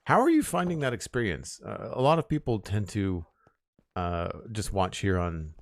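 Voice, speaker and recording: Deep-voiced man chatting on stream. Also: normal speed, vocal fry, no room sound. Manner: relaxed, chatty, talks to chat while building. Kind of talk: casual live-stream chat while playing.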